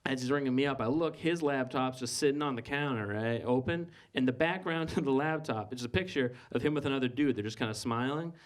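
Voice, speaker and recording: A man's voice: mid-range voice, a little fast, hardly any pauses. A man doing stand-up comedy on a club stage, rambling and stammering, with lots of "like" and restarts.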